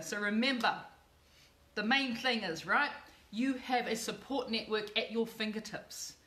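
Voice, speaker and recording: A woman's voice: on the high side, fairly bright tone, reverberant. A middle-aged woman hosting a live cooking channel video, effusive and emotional, repeating words for emphasis.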